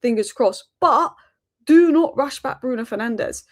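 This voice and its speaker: Fast-talking woman football host. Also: high-pitched, animated. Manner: rapid-fire, opinionated. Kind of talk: daily football news roundup.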